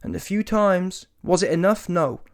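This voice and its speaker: A man's voice: high voice, normal speed. A man giving a ranting reaction commentary on a boxing match, casual and slangy, emphatic and often mocking. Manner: animated, emphatic, rises to mocking shouts; casual street slang, swears.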